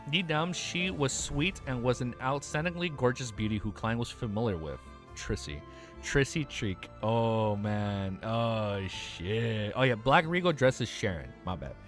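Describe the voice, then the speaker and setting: A man streaming live, reading a novel aloud and breaking off into excited, profane reactions. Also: mid-range voice, measured pace, soft background music.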